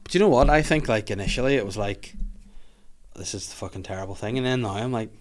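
A man's voice: lowish voice, quick pace. A man hosting a podcast, telling sweary stories in casual chat and acting out quotes. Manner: sweary, animated storytelling with acted-out quotes. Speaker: podcast host.

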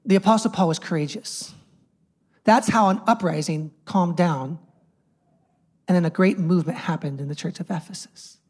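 A man's voice: high-pitched, moderate pace, slightly rough. Man, youth pastor, conversational sermon, jokes as he goes, thirties. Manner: conversational, joking storyteller.

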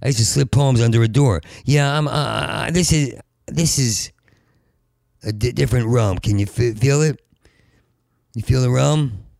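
Stuttering gravelly man, rambling. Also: medium pitch, unhurried, pauses often, dry recording, studio quality. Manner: heavy stutter, repeating syllables; rises to loud urgent pleading. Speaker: podcast host. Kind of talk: rambling monologue.

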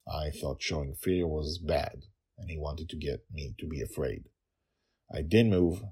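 Brief: male podcast storyteller, very low voice, calm and measured, a bit husky. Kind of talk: story narration and personal anecdote.

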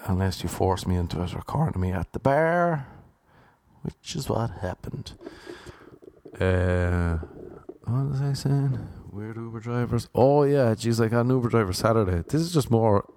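A man's voice: mid-range voice, expressive, a little slow, darkish tone. A man hosting a solo podcast, telling casual, rambling stories with wry, self-deprecating humour. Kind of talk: casual solo storytelling monologue.

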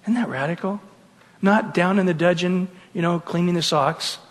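Pastor, man with a high voice, earnest animated sermon, long church reverb. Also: normal speed. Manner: earnest, animated preaching with acted-out quotes.

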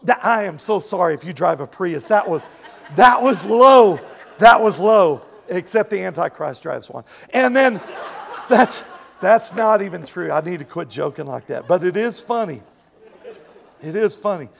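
A man preaching a sermon in a high, gravelly voice. He is animated, cracks jokes in asides and keeps mimicking the people he quotes. His pitch rides up and down as he presses his points. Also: moderate pace, in a large hall. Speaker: pastor.

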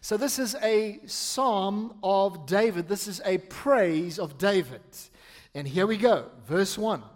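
A man preaching a sermon as pastor, reading scripture slowly and emphatically and calling the congregation to respond. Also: high-pitched, animated, big-room sound. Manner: slow, emphatic reading with pauses for meaning. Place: church with an overflow hall.

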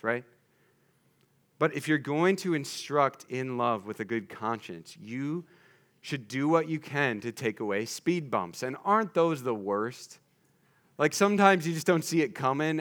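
A man's voice: medium pitch, expressive, moderate pace, a bit bright. A young man preaching a sermon in a conversational way, with jokey asides to the congregation.

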